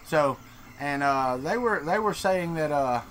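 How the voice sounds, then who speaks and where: A man with a Southern American drawl hosts a casual live stream, joking with viewers as he answers their messages. His voice sits a touch higher than most men's. A faint hiss of background noise runs under the talk. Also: expressive, measured pace, a bit bright. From Florida, Deep South. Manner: joking, chatty, reads and answers chat. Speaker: streamer host.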